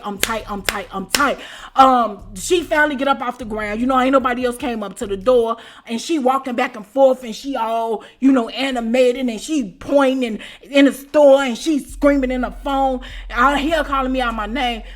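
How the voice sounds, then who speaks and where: High bright-voiced woman telling a story. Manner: animated, conversational, slangy. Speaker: storyteller, channel host. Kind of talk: casual storytime vlog.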